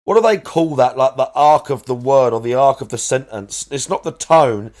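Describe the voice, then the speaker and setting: Rambling male game streamer, mid pitch. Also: animated, moderate pace, darkish tone. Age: adult parent. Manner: rambling, searches aloud for words. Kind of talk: casual live-stream chat.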